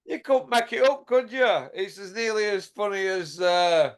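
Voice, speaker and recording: Host, slightly high, blunt banter, often laughing, sweary. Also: male voice, normal speed, smooth. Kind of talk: casual chat.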